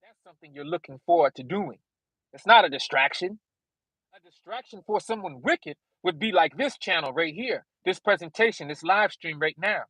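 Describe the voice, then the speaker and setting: A man leading a Bible study live stream, reading scripture in an emphatic, drawn-out way. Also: on the high side, animated, bright, forceful tone, slightly rough, no echo, poor audio.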